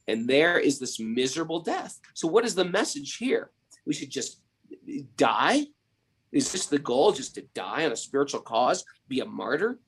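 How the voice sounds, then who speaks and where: A man's voice: medium pitch, fairly bright tone, husky. A man hosting a spiritual podcast, retelling stories with emphatic rhetorical questions. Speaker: podcast host. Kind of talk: spiritual storytelling and teaching.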